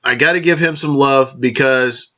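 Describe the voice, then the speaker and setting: A man's voice: mid-range voice, normal speed, bright, forceful tone, lo-fi sound. A man hosting a casual vlog, rambling along, correcting himself and raising toasts to his listeners. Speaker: podcast host.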